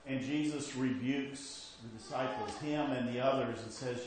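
A man's voice: mid-range voice, measured pace. Preacher man in a very echoey church. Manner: conversational preaching with restarts, swings from emphatic to hushed. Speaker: pastor. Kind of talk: sermon.

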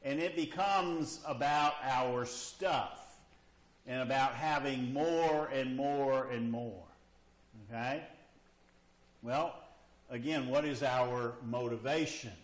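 A man pastor preaching a sermon to a congregation, who often stops to ask "okay?" to check that his listeners are following. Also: fairly high pitch. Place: church hall with a congregation, also live-streamed. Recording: echoey church hall.

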